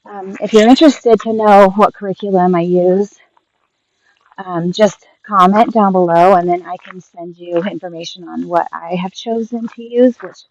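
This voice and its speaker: A woman in her thirties chatting casually to camera on her homestead vlog, unhurried and dropping in frequent ums, recorded on a built-in camera mic. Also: medium pitch, darkish tone, no echo, lo-fi sound. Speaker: homestead vlogger. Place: rural homestead. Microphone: built-in camera mic, no external mic.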